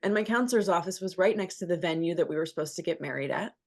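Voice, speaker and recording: A woman in her thirties with a low voice and plenty of vocal fry tells a hard personal story in a podcast conversation. She speaks candidly and emotionally, often acting out the words of the people involved. A radio host by trade, she sounds open and unguarded. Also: fast talker. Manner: candid, emotional, quotes others in her retelling.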